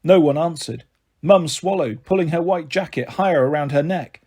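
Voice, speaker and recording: A man reading a children's novel aloud in a steady storybook narration. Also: a little high, moderate pace.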